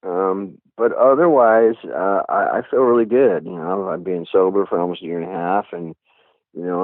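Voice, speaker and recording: A middle-aged guest musician speaks candidly in an interview, rambling and leaning on "you know" again and again. His voice is low with no echo, heard over a tinny phone line.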